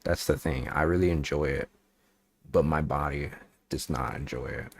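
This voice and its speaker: A man's voice: very deep voice, fairly even intonation, normal speed, gravelly, no echo. A man streaming as a VTuber, chatting playfully with viewers and making up a rambling silly story. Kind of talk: casual livestream chat and improvised bedtime story.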